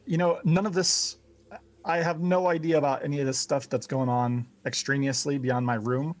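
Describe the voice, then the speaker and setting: A man's voice: fairly high pitch, little pitch movement, moderate pace. A man playing in a tabletop game, easygoing and a little sly. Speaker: player. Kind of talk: casual tabletop play.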